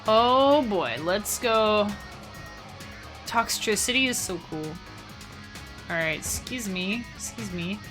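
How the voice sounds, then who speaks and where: Over music, a young woman with an expressive, medium-pitched voice streams a game live. She chats casually, talks straight to her chat, and laughs quickly and often.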